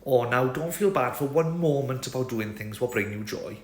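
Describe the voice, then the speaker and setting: A man's voice: mid-range voice, animated, moderate pace, voice pushed up, lightly acted. A man voicing an earnest, lovestruck male fae lord with a Welsh accent and a sing-song lilt. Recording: roomy echo.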